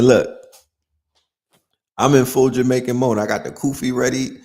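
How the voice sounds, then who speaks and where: A man's voice: mid-range voice, fairly even intonation, moderate pace, gravelly, pauses often, dark tone. A man hosting a casual live-stream chat, joking around and tagging lines with "you know what I'm saying". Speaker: host.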